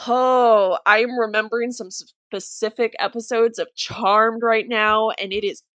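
A woman hosting a podcast in casual chat, emphatic and animated as she tells stories. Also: a little high, unhurried, dry recording. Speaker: podcast host.

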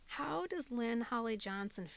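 A woman's voice: a little high, expressive, a little slow, gravelly, no echo. A woman from Minnesota co-hosting a podcast, chatting casually and enthusiastically about a favorite movie. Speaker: podcast co-host. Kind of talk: casual chat.

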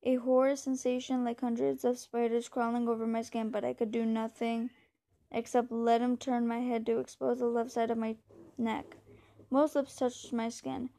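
A woman reading a novel aloud in a steady, measured way, now and then stumbling over a word. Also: a little high. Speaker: reader.

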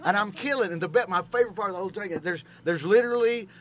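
A middle-aged man tells a stand-up war story at a quick clip, profane and animated as he acts out the people in it. His voice sits a little high and sounds bright and forceful. A faint hum runs under the recording. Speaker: stand-up comedian telling a story. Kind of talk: casual podcast storytelling.

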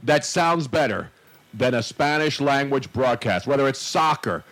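A man's voice: medium pitch, expressive, a little slow, fairly bright tone, low-quality recording. A man hosting a casual podcast, talking emphatically and repeating phrases for effect. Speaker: host.

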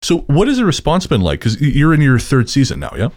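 A man's voice: medium pitch, huge pitch swings, fast talker, darkish tone, dry recording, studio quality. A man interviewing a fellow podcaster, speaking earnestly with many restarts. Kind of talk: casual interview chat.

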